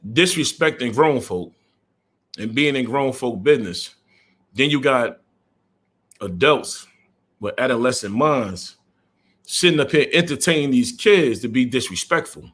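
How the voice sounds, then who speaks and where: Blunt middle-aged trucker ranting live. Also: male voice, mid-range voice, expressive, a little slow, pauses often, a bit bright, slightly rough. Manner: blunt, repetitive, greets viewers mid-rant. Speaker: live stream host, truck driver. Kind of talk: live-stream rant.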